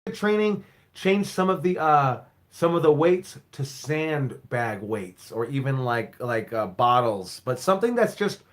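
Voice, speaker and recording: A man's voice: medium pitch, unhurried. A man who owns and coaches a wrestling school, answering viewer questions in a casual live stream, rambling, repeating himself and swearing now and then.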